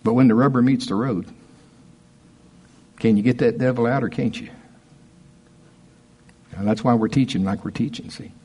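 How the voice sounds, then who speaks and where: Husky-voiced man preaching a sermon. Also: mid-range voice, moderate pace, pauses often, mellow. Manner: emphatic, conversational preaching with rising punches. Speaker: pastor.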